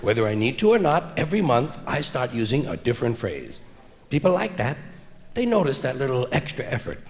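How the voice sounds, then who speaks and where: A man doing a stand-up comedy routine on stage, with a wry, deadpan delivery that builds to loud punchlines, recorded live for a vinyl album. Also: mid-range voice, fairly quick, a little hiss or hum. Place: theater stage before an audience. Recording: live vinyl recording with long hall reverb and audible audience.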